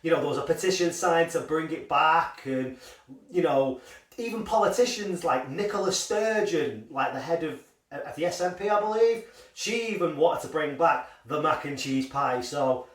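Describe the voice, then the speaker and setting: A food reviewer with a fairly high, animated voice speaks at normal speed, recorded from a distance, in a casual vlog about a frozen pie. He rambles, swears, and pokes fun at himself, and his voice sounds off mic in an echoey room.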